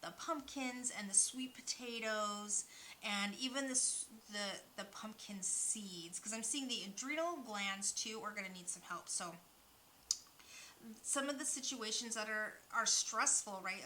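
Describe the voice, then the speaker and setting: A woman's voice: mid-range voice, normal speed, sharp tone, slight background noise, rough recording. A woman giving a spiritual nutrition card reading, rambling with many fillers and restarts. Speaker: oracle card reader.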